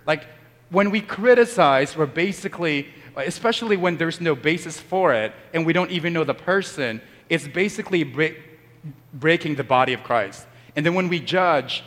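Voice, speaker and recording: A man's voice: on the high side, a bit bright, in a large hall. A man, a Catholic priest, giving a Sunday homily in a conversational storytelling manner, acting out the people in his stories. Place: church.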